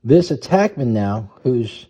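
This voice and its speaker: A man's voice: mid-range voice, very animated, slow, warm tone, slightly rough, highs cut off. A man coaching youth lacrosse, explaining a play step by step, methodical and stopping to correct and restate himself.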